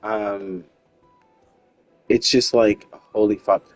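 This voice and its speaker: Male game streamer, unhurried, dry close sound, faint music behind; chatty and sweary. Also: lowish voice, steady tone, no room sound, poor audio. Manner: rambling, frank, sweary, lots of "like". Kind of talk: casual gaming chat.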